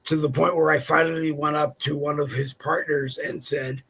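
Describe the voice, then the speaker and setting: Gravelly, husky man from California. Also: a little high, little pitch movement, normal speed, hardly any pauses, bright, forceful tone, low-quality recording. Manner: chatty anecdotal storytelling. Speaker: co-host. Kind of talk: casual chat.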